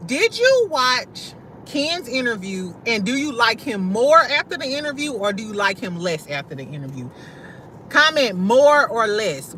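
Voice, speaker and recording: A young woman from St. Louis chats live with her viewers in a bright, forceful voice that sits a bit high. She talks loose and slangy, swears freely and breaks into laughter often, with faint traffic in the background. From St. Louis, USA. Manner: loud, laughs often, slangy and profane, talks straight to chat. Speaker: livestream host. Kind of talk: casual livestream chat with viewers.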